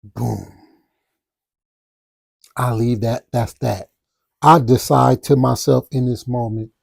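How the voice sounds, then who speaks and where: A man hosting a podcast, casually telling a personal story in an animated way with spoken sound effects. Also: medium pitch, slow, gravelly, long pauses, husky, no room sound, clean studio sound. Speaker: podcast host.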